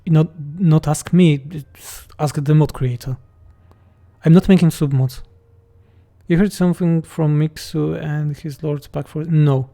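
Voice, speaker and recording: A man's voice: on the high side, steady tone, measured pace, vocal fry, mellow. A man from Poland with a Polish accent, a game mod developer reading chat questions aloud and answering them bluntly and jokingly on a livestream.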